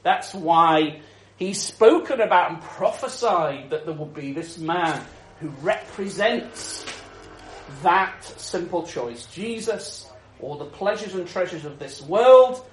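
An animated male preacher with a high-pitched voice, telling the story with chuckles and many restarts. His sermon rings out in a roomy, echoing space. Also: takes it slowly.

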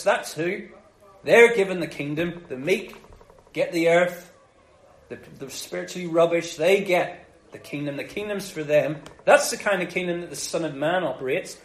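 A high-voiced man preaching in an echoey room. He tells the story in a lively, jokey way and acts out the characters in playful voices. It feels like a casual sermon.

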